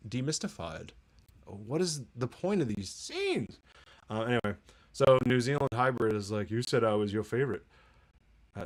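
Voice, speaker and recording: A man hosting a TV review podcast, giving a casual, sarcastic, exasperated solo rant with mocking asides. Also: mid-range voice.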